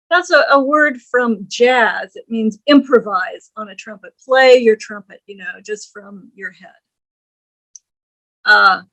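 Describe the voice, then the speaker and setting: Slow, careful woman teaching grammar. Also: on the high side, fairly bright tone, low-quality recording. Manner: slow, deliberate, reads quoted lines slowly; frequent fillers like um and uh. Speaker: English grammar lecturer. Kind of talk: reading aloud and explaining a lesson.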